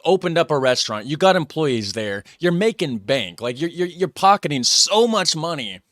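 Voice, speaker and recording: A man hosts a reaction video, talking casually and earnestly. His bright, slightly high voice moves a lot, and it sounds dry and close to the mic. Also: very animated, normal speed, no echo. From United States.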